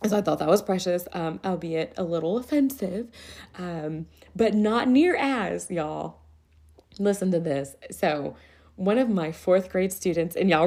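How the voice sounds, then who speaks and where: A woman in her thirties, a podcast host and teacher, telling stories in a casual chat, animated and often laughing. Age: 30s. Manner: animated, laughs often, raises pitch to quote kids.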